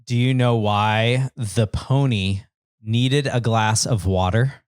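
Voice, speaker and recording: A man's voice: fairly low pitch, slow, smooth, dry recording, clean studio sound. A man co-hosting a podcast, joking around with friends and telling corny jokes. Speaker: podcast co-host. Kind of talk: casual chat. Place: podcast recording room.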